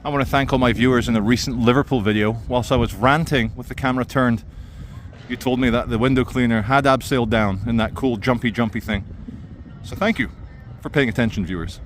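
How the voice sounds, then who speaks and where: This walking vlog finds a man ranting sardonically as he moves outdoors through a city. His medium-pitched voice stays steady in tone and brisk in pace, over slight background noise.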